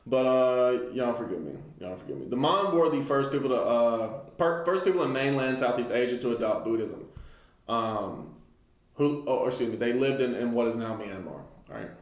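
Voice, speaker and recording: A man giving an informal Bible study lesson, reading a text aloud and commenting loosely with many fillers. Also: medium pitch. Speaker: Bible teacher. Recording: echoey room.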